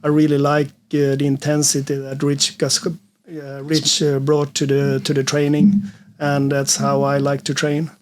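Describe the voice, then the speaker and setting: A man, a podcast guest, talking in casual chat with hesitant pauses and fillers. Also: on the high side, monotone.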